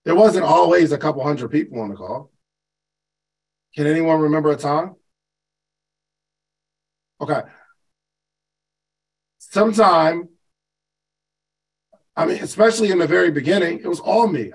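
A man's voice: on the high side, normal speed, creaky, pauses often, low-quality recording. A man hosting a live call, giving a conversational motivational talk as a business coach and putting questions to his listeners. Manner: conversational, asks the listeners questions, repeats for emphasis.

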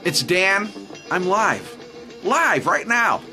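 A man's voice: sits high, very animated, slow, soft background music. A man speaking live, giving a chatty devotional talk with jokes and chuckles as he tells a story from his youth. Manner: jokey, chuckling, conversational.

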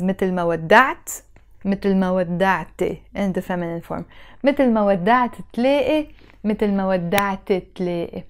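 A woman's voice: mid-range voice, dark tone. A young woman with a Lebanese Arabic accent, patiently explaining and repeating phrases in a language lesson. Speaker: language teacher.

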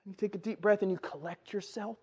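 High-pitched male preacher, casual and chatty from the pulpit, muffled church recording. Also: steady tone, a little fast, dark tone, husky. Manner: conversational, keeps asking "right?". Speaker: pastor. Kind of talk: sermon. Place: church sanctuary.

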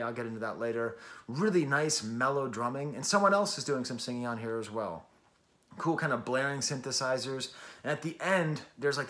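A man's voice: mid-range voice, sharp tone. Chatty enthusiastic man reviewing an album. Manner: enthusiastic, chatty, self-deprecating, frequent "like" and restarts. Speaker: music review host. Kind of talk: casual music review to camera.

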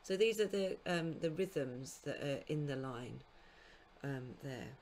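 A woman giving a recorded literature lecture to school students, explaining in a measured way and now and then correcting herself mid-phrase. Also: sits low, expressive, darkish tone, a little hiss or hum. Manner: speaks scansion aloud in sing-song beats. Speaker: university lecturer.

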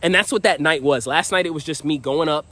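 A man's voice: on the high side, fairly quick, husky. Upbeat slangy young man. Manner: energetic, slangy, heavy use of "like". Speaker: dating vlogger. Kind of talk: casual storytelling to camera.

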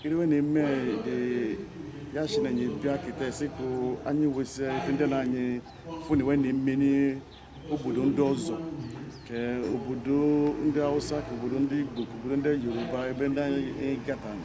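A man's voice: medium pitch, level tone. Man speaking over crowd chatter. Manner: unhurried, mixing Igbo and English. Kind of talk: community speech.

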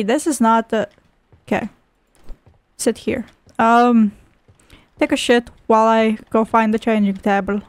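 High-voiced, sweary woman gamer. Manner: profane, sarcastic, exclamatory. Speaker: gaming video host. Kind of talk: casual let's-play commentary.

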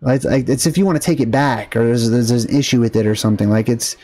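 A man's voice: medium pitch, fast talker, mellow. A man vlogging, telling a story in an indignant, rambling rant full of fillers and asides. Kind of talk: casual ranting storytelling.

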